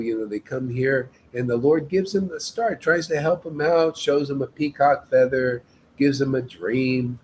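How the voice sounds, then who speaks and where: A man's voice: mid-range voice, darkish tone, slight background noise, rough recording. A man leading a devotional meetup, giving an informal spiritual talk in an emphatic, exhorting way and often addressing listeners as "man".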